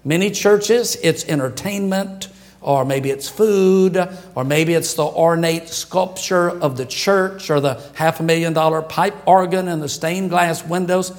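A man's voice: on the high side, measured pace. A male pastor preaching a sermon to his congregation, conversational and jokey, chuckling at his own asides. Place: church sanctuary.

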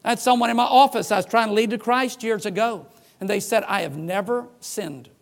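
High-voiced middle-aged male preacher. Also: fast, creaky. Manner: animated storyteller who acts out quoted voices. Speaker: pastor. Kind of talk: sermon.

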